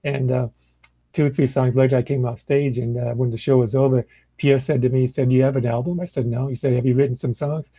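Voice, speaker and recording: Recorded with poor audio and no room sound in an indoor room, an older blues musician talks fast in a medium-pitched voice. Chatting casually, he tells stories at an easy pace, acting out other people's lines in a relaxed manner.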